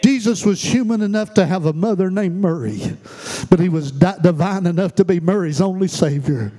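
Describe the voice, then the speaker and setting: High-voiced male pastor preaching rhythmically. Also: moderate pace, mellow. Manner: rhythmic preaching cadence with repeated refrains and hallelujahs. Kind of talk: sermon.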